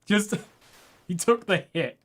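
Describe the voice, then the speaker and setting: A man's voice: high voice, lively intonation, takes it slowly, fairly bright tone. A man chatting casually while playing a video game, rambling and self-deprecating, often laughing at his own stories. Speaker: let's play co-host. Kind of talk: casual chat over gameplay.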